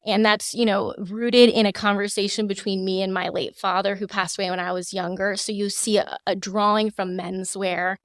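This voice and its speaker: A woman in her thirties, a fashion designer, answering interview questions in a measured, polished way with frequent fillers, close to the mic. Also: medium pitch, level tone, dry recording. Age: 30s. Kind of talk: podcast interview.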